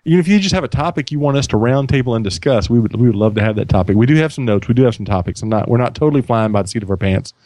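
Male podcast host, self-deprecating rambler, mid-pitch, dry close sound. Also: lively intonation, very fast, hardly any pauses, mellow, no room sound. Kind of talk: casual podcast chat.

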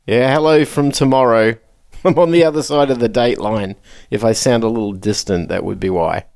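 A man co-hosting a podcast in casual chat over a remote connection, telling relaxed anecdotes. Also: medium pitch, moderate pace, creaky, no room sound, studio quality. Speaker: podcast co-host.

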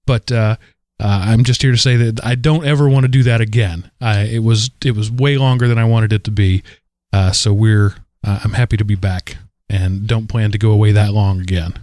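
A man in his forties, co-hosting a podcast, telling a rambling, animated story full of fillers. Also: fairly low pitch, moderate pace, no room sound, clean studio sound. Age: 40s. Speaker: podcast co-host. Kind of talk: casual chat.

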